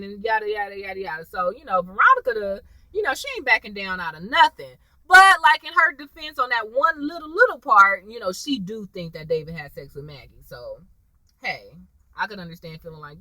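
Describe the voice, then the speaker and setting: A woman casually recapping a TV episode, acting out the characters' lines in a lively, chatty way. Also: sits high, brisk, no room sound, low-quality recording. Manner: animated, acts out characters' lines. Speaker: TV episode reviewer.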